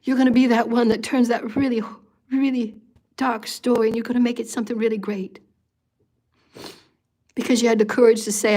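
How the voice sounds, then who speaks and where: A woman's voice: on the high side, little pitch movement, a little fast, long pauses, dark tone. A woman hosting a live meditation and giving an intense spiritual talk. She repeats phrases in a pleading way and sometimes drops to a whisper.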